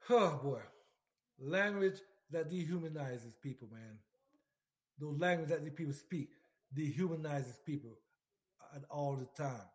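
A man's voice: a little high, lively intonation, measured pace. A man, a military veteran, ranting in emphatic political commentary, repeating himself, swearing and firing questions straight at the listener. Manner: emphatic, repetitive, profane, lots of direct questions at the listener.

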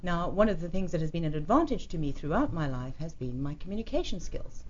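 Articulate English-born woman guest, low-ish voice, muffled radio with faint hiss. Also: lively intonation, fast talker. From England. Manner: articulate, polished, motivational. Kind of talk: talk show interview. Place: radio studio. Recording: dull lo-fi radio sound with faint noise.

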